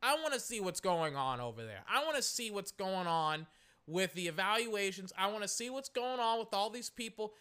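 A man giving a solo sports opinion rant, exasperated and animated, often stopping to correct himself. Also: high voice, normal speed, clean tone. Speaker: sports commentator.

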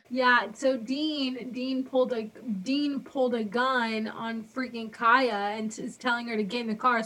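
A young woman giving chatty, excitable commentary as she reacts to a TV show, laughing often. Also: a little high.

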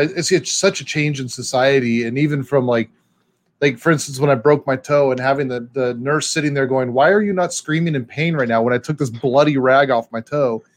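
A man in his forties co-hosting a podcast, telling brisk anecdotes and acting out the people in them. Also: medium pitch. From Southern California. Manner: brisk storyteller who acts out the other people in his stories. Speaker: podcast co-host. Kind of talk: casual anecdotal chat.

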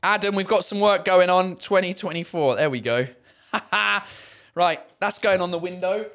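A man with an English accent hosting a casual live stream, rambling excitedly, swearing freely and laughing often. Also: high voice, moderate pace. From England. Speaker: livestream host reading chat.

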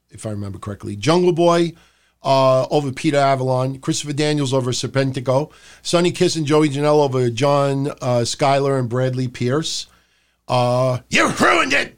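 With a mid-range voice, this wrestling review podcast host chats loosely and at length, swearing without restraint and now and then bellowing impressions.

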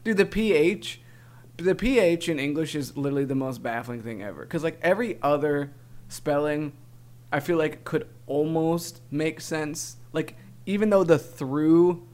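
A man's voice: a little high, moderate pace, darkish tone. Laughing young man on a podcast. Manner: laughing, exasperated, says dude a lot. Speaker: podcast co-host. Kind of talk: casual chat, spelling bee game.

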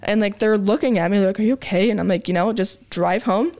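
A young woman at a middle pitch tells a long story in a loose, chatty way. She says "like" a lot and acts out what people said. Her voice sits in the usual range for a woman. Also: quick pace, a little mellow. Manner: chatty, lots of "like", acts out quotes. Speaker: podcast co-host. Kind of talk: casual storytelling chat.

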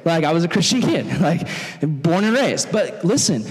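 A man's voice: a little high, moderate pace, big-room sound. A young adult man giving a casual, chatty storytelling sermon as a youth pastor, acting out quotes as he goes. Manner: chatty, animated, acts out quotes.

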